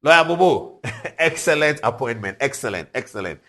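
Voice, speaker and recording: A man in his forties with a Ghanaian English accent, hosting a TV show, telling stories with animated energy and frequent chuckles. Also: medium pitch, normal speed. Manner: animated, chuckling, swings from loud to hushed. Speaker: TV show host. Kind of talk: lively commentary and storytelling. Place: TV studio.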